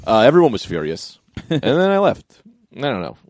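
A man's voice: mid-range voice, huge pitch swings, normal speed, darkish tone, no echo. A young man telling a story in a casual chat, acting out voices and swearing casually. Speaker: comedian telling a story on a podcast.

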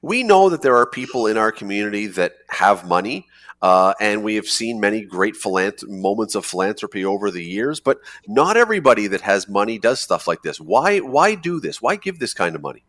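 Male radio host, low-pitched, emphatic and talkative, interviewing guests. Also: big pitch swings, brisk, fairly bright tone. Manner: chatty, emphatic, repeats words when starting. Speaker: radio morning show host.

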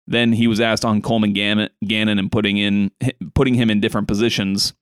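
A lower-voiced man chatting on a solo soccer podcast. He talks loosely, with plenty of "uh"s and restarts. His voice comes through smooth and clear on a close, dry microphone. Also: fast talker, dry recording. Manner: conversational with frequent fillers and restarts; reads quotes from a sheet in a flat reading tone. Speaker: podcast host.

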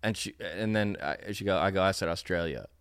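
A man guesting on a podcast in casual chat, joking around with lots of fillers and quick yeahs. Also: deep voice, clear, resonant tone, dry recording, studio quality. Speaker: comedian guest.

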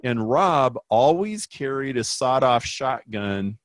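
A man's voice: medium pitch, slow, dry recording. Dry-sounding storytelling man. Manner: animated, acts out quoted voices. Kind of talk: conversational storytelling.

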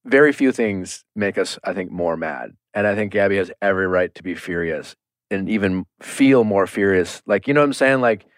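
A man hosting a podcast in casual chat, animated and swearing, acting out quotes as he talks. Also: low voice, moderate pace, dry recording, studio quality. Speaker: podcast host.

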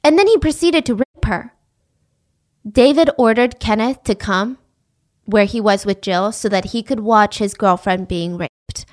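A woman hosting a podcast, telling a true-crime story in a casual, animated way and acting out the people in it. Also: mid-range voice, measured pace. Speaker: podcast host.

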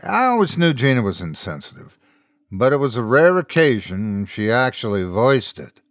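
A man's voice: medium pitch, normal speed, no echo. A man narrating a scripted horror story as host, in a dry, close recording. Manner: storytelling, expressive.

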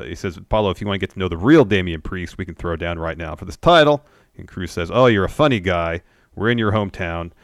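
A man co-hosting a casual recap podcast, retelling events in a steady, matter-of-fact way. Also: low voice, no echo, studio quality. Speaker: podcast co-host.

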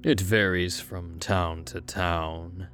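A man's voice: low voice, fairly even intonation, fairly bright tone, faint music behind. A giggly sinister carnival showman. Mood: gleeful. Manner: giggling, gleeful, slow and teasing. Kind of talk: audio drama acting.

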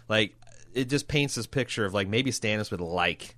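A man's voice: fairly low pitch, moderate pace, fairly bright tone, no room sound. A man co-hosting a podcast in casual chat, rambling and joking with plenty of swearing. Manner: loose, rambling, swears and jokes. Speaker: podcast co-host.

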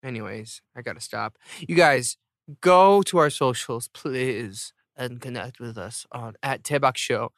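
A man's voice: mid-range voice, unhurried, a bit bright, no room sound, clean studio sound. Rambling, jokey male podcast host. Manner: rambling, self-mocking, jokey. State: jet-lagged, tired. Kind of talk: casual chat, show outro.

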